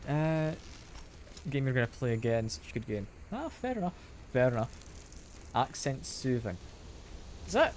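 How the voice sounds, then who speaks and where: A man's voice: medium pitch, very animated, moderate pace, long pauses, a little hiss or hum. Chatty Scottish man streaming games. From Scotland. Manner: chatty, self-deprecating, answers chat aloud with soft laughs. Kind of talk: casual live-stream chat while gaming. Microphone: sensitive desk mic.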